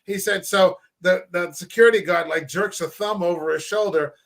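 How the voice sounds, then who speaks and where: A man hosting a casual podcast chat, telling profane, animated stories and acting out quoted lines. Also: sits high, moderate pace. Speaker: podcast host.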